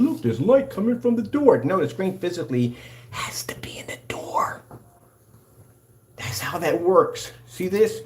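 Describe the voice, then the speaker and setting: A man's voice: medium pitch, a little mellow. Hyped-up man ranting over demos. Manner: hyped, combative, preachy. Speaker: screen paint company owner. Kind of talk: excited product demonstration rant.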